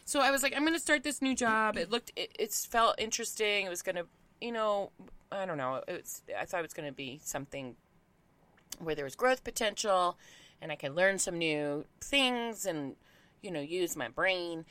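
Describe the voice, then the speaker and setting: A woman in her thirties, a podcast host, chatting casually in a backyard guest house, telling animated stories, acting out quotes and laughing often. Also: on the low side, normal speed, dry recording. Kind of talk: casual chat, storytelling.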